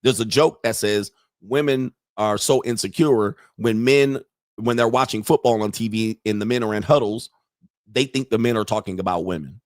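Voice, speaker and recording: A man's voice: on the low side, normal speed, a little mellow, no echo, clean studio sound. A man hosting a reaction commentary, brash and mocking, with loose slang. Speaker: commentary host.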